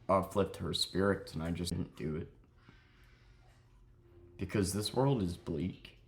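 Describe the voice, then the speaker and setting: A young man telling a sad story in a halting, grieving way, close to crying, in a confessional vlog. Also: sits low, creaky. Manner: halting, heavy with grief, self-critical. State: near tears. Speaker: vlogger.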